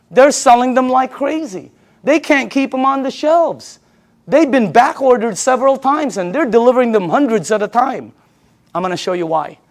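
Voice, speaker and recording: High-voiced emphatic man pitching a business. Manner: emphatic, repeats audience answers back; chatty and excitable, laughs between points. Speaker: sales presenter. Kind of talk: live sales pitch to an audience.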